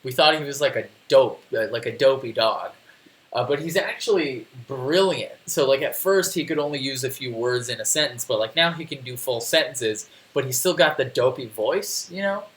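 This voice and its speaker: A man's voice: mid-range voice, lively intonation, normal speed, fairly bright tone. Casual male livestream host, rambling tech walkthrough, roomy echo. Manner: chatty, rambling, reads chat aloud, restarts often. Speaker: live stream host. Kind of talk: casual tech tutorial on a live stream. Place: home desk.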